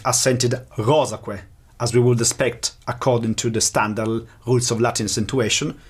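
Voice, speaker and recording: A man lecturing in a measured, explanatory way, slowing down to pronounce example words. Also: medium pitch, slightly rough. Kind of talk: academic lecture.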